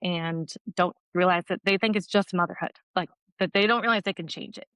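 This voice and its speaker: A woman's voice: lowish voice, steady tone, fairly quick, fairly bright tone, clean tone, no room sound. A woman in her thirties, a nurse guest on a podcast, telling her personal story earnestly with lots of "like" fillers. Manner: earnest, heavy use of "like" as filler. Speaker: guest, registered nurse and mom educator.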